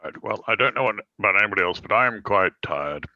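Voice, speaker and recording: A man's voice: fairly low pitch, animated, quick pace, dry recording, highs cut off. A man playing a tabletop game, chatting in a playful, teasing way. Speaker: player. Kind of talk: casual tabletop game chat.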